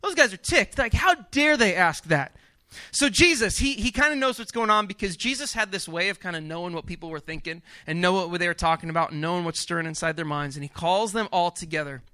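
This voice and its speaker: High-voiced, animated male preacher. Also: brisk, dry recording. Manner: conversational and animated, with frequent restarts. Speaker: pastor. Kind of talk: sermon.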